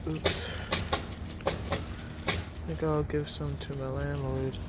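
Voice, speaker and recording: A man's voice: on the high side, little pitch movement, very slow. A man casually narrating a walk through his home garden, laid-back and rambling, chuckling to himself as he films outdoors. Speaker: gardening vlogger. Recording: outdoor clip with loud traffic noise. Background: loud traffic and street ambience.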